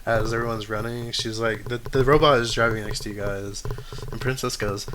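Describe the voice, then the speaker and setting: A man's voice: medium pitch, fairly even intonation, moderate pace, background noise. A man as game master, narrating a tabletop game in a casual, rambling way with many restarts.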